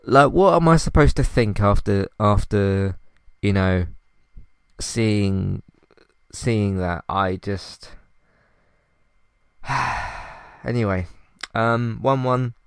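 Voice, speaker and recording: A man hosts a casual solo podcast in a fairly low, smooth voice, recorded close and dry. He rambles in frustration, sighing often and restarting his sentences. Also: extremely slow, pauses often, dry recording. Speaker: podcast host.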